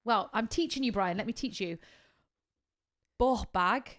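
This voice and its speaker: A woman chatting on a podcast, pitch sitting right in the middle of the range. She tells her stories with plenty of animation and swears freely as she goes. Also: animated, fairly quick, a bit bright. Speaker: podcast co-host, wedding worker. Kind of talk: casual chat.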